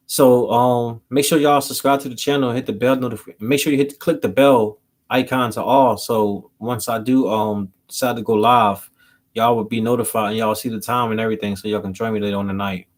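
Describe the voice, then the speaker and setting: A man, rambling through a story to his channel in loose, slangy talk. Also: mid-range voice. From Philadelphia. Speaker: vlogger. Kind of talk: casual storytelling to camera.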